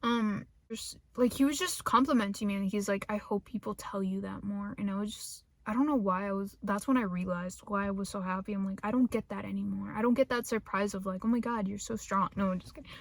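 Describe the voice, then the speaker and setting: A woman's voice: medium pitch, fast talker, few pauses, dry recording. Young woman rambling in a vlog. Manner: joking, self-mocking, drops into whispers. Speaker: vlogger.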